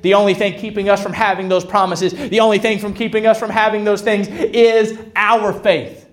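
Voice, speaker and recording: Man, pastor, sermon, very high voice, bold, dramatic pauses. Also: level tone. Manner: preaching with rising shouts and dramatic pauses; self-described introvert. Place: church sanctuary.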